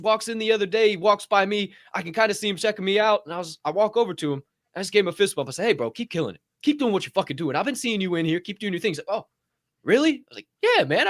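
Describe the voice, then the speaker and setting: Animated swearing man hosting a podcast. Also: sits high. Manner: animated, swaggering, profane, acts out little scenes in other voices. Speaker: podcast host. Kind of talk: motivational podcast talk.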